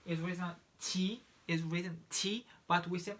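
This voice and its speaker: A man's voice: high-pitched, fairly even intonation, a little slow, a bit bright. A man teaching English pronunciation, repeating each example word several times and often restarting his sentences. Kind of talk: pronunciation lesson.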